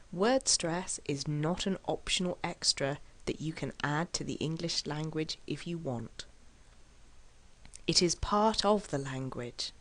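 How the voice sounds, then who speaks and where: A woman teaching an English lesson in a scripted style, pronouncing words slowly and deliberately. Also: low-pitched.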